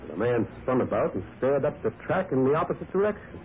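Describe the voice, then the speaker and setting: Man voicing a lonely brooding prospector, dramatic storytelling, expressive pitch, tinny old radio sound. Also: quick pace, close to an everyday voice. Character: lonely male prospector narrating his past. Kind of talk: 1940s radio acting. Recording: tinny lo-fi old radio broadcast with faint hiss.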